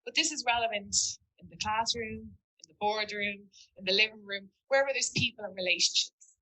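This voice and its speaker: A teacher speaking to an audience, telling a story in an earnest, reflective way. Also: female voice, mid-range voice, brisk, pushed and bright, poor audio. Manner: earnest, reflective, quotes a student in dialogue. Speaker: teacher giving a talk.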